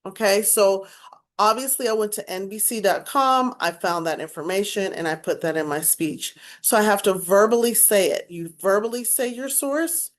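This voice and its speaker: A woman's voice: mid-range voice, normal speed. A woman speech instructor giving a recorded class lecture, explaining and demonstrating points with emphatic, varied inflection.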